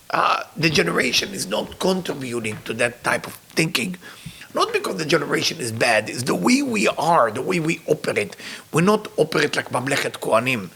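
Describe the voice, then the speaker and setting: A male spiritual teacher telling a story in broken English, his voice gravelly and husky. His pitch rises and falls a lot, with a bright edge. He sounds emotional and earnest. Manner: emotional storyteller, non-native grammar. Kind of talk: storytelling sermon.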